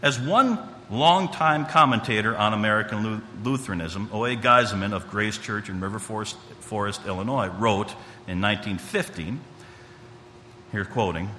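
A man giving a church history lecture, reading quotations with measured emphasis and occasional restarts. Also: lowish voice, bright, forceful tone. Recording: long hall reverb, faint ambient noise.

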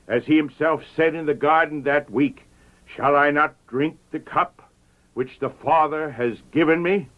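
A man preaching a sermon in a solemn, measured way that rises to ringing emphasis. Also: mid-range voice, highs cut off. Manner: slow, solemn, rising to declamatory emphasis.

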